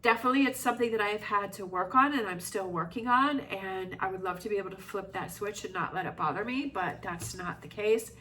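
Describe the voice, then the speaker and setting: A woman's voice: mid-range voice, brisk, hardly any pauses, sharp tone. Woman tarot reader, reassuring and reflective, a little off-mic with faint hiss. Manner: reflective, reassuring, rambling with many fillers. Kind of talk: casual tarot reading monologue. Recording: slightly distant mic with faint noise.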